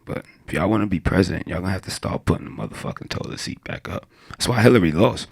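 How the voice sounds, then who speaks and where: A man's voice: low voice, fast talker, vocal fry, darkish tone, breathy edge. A young man doing a crude, rambling stand-up comedy set, laughing at his own jokes.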